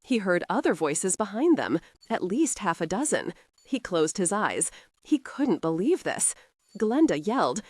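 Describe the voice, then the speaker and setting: A woman reading a historical romance audiobook in a steady, expressive scripted narration. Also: medium pitch, measured pace, dry recording, studio quality.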